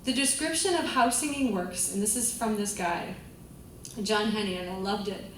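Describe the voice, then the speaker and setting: A woman's voice: mid-range voice, moderate pace, fairly bright tone, slight background noise. A woman vocal coach teaching a group class, chatty and enthusiastic, often laughing. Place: large room with a class. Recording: echoey room, voice from a distance.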